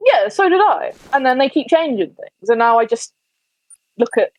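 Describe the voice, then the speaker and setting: A woman's voice: on the high side, big pitch swings, moderate pace, a little mellow, no room sound, poor audio. Giggly Somerset woman in her twenties. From Somerset, England. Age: 20s. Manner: chatty, giggly and self-deprecating. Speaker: gaming streamer. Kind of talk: casual chat while gaming.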